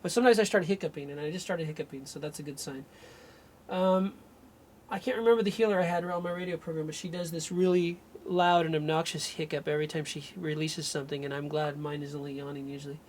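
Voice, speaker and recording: A man's voice: on the high side, steady tone, fast, darkish tone, a little hiss or hum. A man working as an energy healer, thinking aloud and breaking off mid-sentence as he runs a live remote healing session. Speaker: radio show host.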